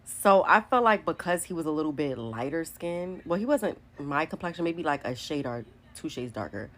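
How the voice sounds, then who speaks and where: Low-voiced New woman telling stories. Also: big pitch swings, moderate pace, a bit bright. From New York City. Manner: chatty and candid, many likes and whatevers. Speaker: vlogger. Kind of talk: casual storytime monologue.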